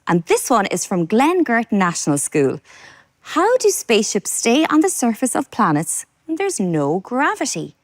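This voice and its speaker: An Irish woman hosting a children's science show with a bright, enthusiastic delivery. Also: on the high side, wildly swooping pitch, measured pace, no echo, studio quality. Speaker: host. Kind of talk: children's TV presenting.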